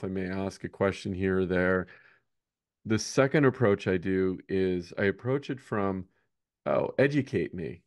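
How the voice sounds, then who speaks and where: Rambling low-voiced male coach. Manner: rambling, restarts often, ends points with "right?". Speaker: basketball coach. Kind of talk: casual podcast chat.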